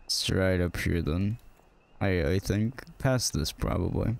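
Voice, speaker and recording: A man's voice: sits low, unhurried, creaky. A male streamer muttering sarcastic, casual commentary while playing a game.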